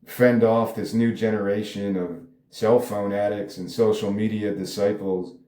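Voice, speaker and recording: A man's voice: fairly low pitch, fairly even intonation, normal speed, few pauses, mellow. A man reading his own script aloud in a table read, commenting in a rambling, casual way and swearing now and then. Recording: roomy echo.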